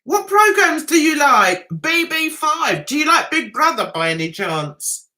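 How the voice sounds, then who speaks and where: A woman's voice: sits high, sing-song, unhurried, pushed and bright. A middle-aged woman hosting a casual livestream, chatty and self-mocking, laughing often as she greets viewers. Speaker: livestream host reading viewer chat.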